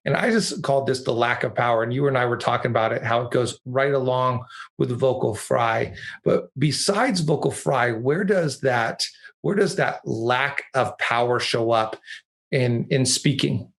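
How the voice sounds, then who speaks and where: A man hosting a podcast over a video call, making measured coaching points and steering the conversation. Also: mid-range voice, vocal fry. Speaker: podcast host.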